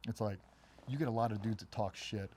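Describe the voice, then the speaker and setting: A middle-aged man, a former special operations member, telling stories in a casual interview and acting out other people's voices in a much higher pitch. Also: a little hiss or hum. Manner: fast, animated storytelling, acts out quoted voices much higher. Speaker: guest, former Navy SEAL.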